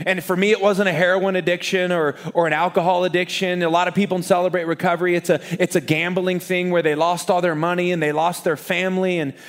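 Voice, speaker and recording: A man, a pastor preaching to a live church congregation, joking and lively with the crowd and turning quiet and earnest when he prays. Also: sits high, quick pace, hardly any pauses. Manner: energetic, joking crowd warm-up, then quiet earnest prayer. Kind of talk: sermon.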